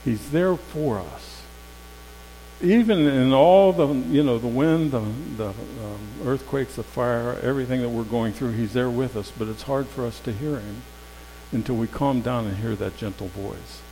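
A man preaching a sermon in a conversational storytelling way, swinging from loud emphasis to hushed tones. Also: medium pitch, a little slow. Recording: long hall reverb with faint mains hum.

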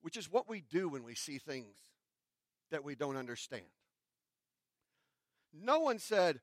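A man pastor who reads scripture and then preaches in a conversational sermon, with restarts and dramatic pauses. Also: on the high side, very animated, dry recording, studio quality.

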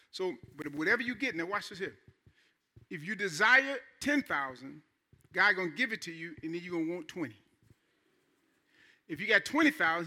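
Pastor, male, high and ringing voice, chatty sermon that builds to loud emphasis. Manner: conversational preaching, rising to emphatic.

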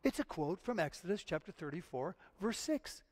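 Male pastor, higher-pitched voice, earnest emphatic sermon delivery with repeated phrases. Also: sing-song, moderate pace, a little mellow. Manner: earnest, emphatic preaching with repetitions.

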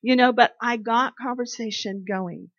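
This woman's voice runs on the high side, fairly bright and unhurried. Speaking devotionally, she's a chatty storyteller who recounts everyday moments and performs the lines of the people she quotes, captured in a dry, somewhat dull recording.

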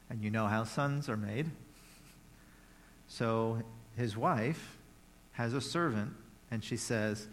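A male preacher retells a scripture story in an easygoing, conversational way. He slips in playful asides as he goes. His voice sits at a medium pitch. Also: slow, pauses often, a little hiss or hum. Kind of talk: sermon.

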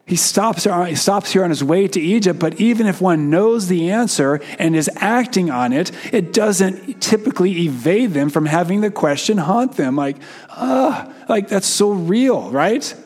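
A man delivers a sermon in a fairly high voice. He is earnest and conversational, chuckles often, and acts out the quoted lines like a lively retelling. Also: normal speed, few pauses. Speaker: preacher.

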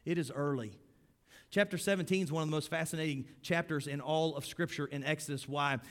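A man preaching a sermon as pastor, swinging between loud emphasis and hushed, low lines. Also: a little fast. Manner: acts out grumbling crowd voices in quotes.

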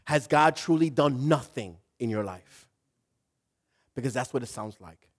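A male pastor preaching a sermon in an animated way, rising to loud emphasis. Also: medium pitch, a little slow, breathy edge.

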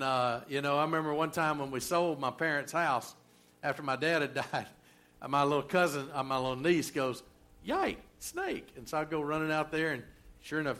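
A man's voice: fairly high pitch, fairly bright tone. A middle-aged man preaching a sermon in a folksy, conversational way, full of rhetorical questions. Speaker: pastor.

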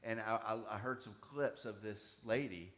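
Emphatic male preacher teaching scripture. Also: lowish voice. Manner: emphatic, swinging loud and soft, rapid asides. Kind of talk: sermon teaching.

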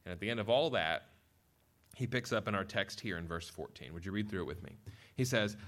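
A man delivering a sermon with a bright, forceful voice. He preaches in a lively, animated way. He acts out sarcastic quotes and reads scripture aloud. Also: sits low, brisk. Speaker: pastor.

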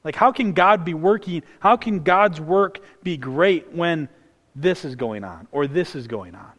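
A young man preaching a casual, earnest sermon, often restarting his sentences and building up excitement. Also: a little high, a little slow, in a large hall.

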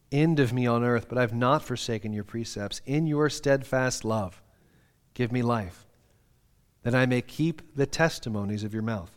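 A man's voice: medium pitch, a bit bright. A middle-aged man preaching a sermon, earnest and conversational, reading scripture aloud with feeling. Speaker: pastor.

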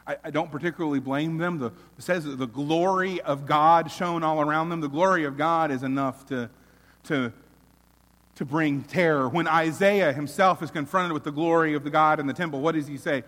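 A man preaching a sermon as pastor, earnest, swelling loud and then dropping almost to a hush. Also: on the high side, moderate pace, big-room sound.

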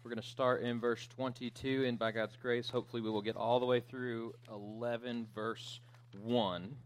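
A man's voice: medium pitch, level tone, moderate pace, slight background noise. A man preaching a sermon as pastor in a conversational way, with joking asides and fillers.

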